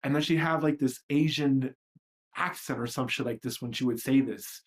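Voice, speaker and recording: A man's voice: medium pitch, normal speed. A man hosting a livestream, talking in a blunt, profane and self-reflective way. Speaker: livestream host. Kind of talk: candid livestream monologue.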